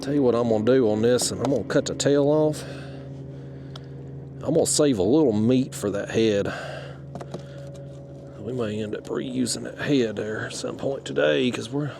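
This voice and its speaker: A man's voice: mid-range voice, vocal fry, background noise. A middle-aged man tells a rambling, fired-up story to camera while fishing from a kayak outdoors, swearing freely. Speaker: fishing vlogger.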